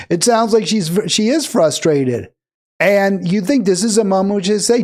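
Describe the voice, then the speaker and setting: A man's voice: sits high, animated, measured pace, darkish tone. A man commenting on played clips, indignant and emphatic, his voice rising into heated bursts. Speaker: political commentator.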